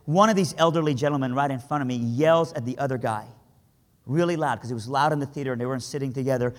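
A man from Iran telling a dramatic story to a crowd, swinging between hushed lines and impassioned cries. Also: mid-range voice, fast. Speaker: speaker. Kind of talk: storytelling sermon. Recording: hall reverb.

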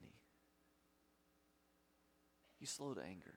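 A man preaching a sermon as pastor, emphatic, with big swings between loud and quiet. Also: high-pitched, expressive, normal speed, long reverb tail.

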